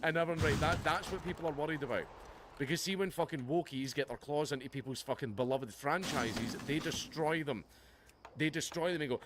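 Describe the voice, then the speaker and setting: A livestream host delivering a heated, profane, sarcastic reaction rant. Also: male voice, fairly high pitch, fairly quick, a bit bright. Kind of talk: ranting reaction commentary. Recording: noticeable background noise.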